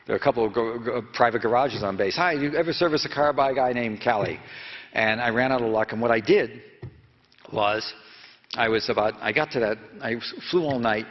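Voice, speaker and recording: A man in his seventies, a journalist, telling a long anecdote in a digressive way, with many restarts and self-corrections. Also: fairly low pitch. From United States. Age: 70s. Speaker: investigative journalist telling a story. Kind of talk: rambling anecdotal storytelling to an audience. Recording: dull lo-fi recording in a reverberant hall.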